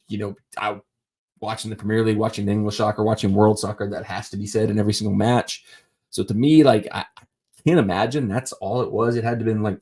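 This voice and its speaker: A man's voice: on the low side, darkish tone. A man hosting a casual live stream, talking sports on his own in a rambling way with lots of fillers. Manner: rambling, many fillers and restarts. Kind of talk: casual solo sports talk.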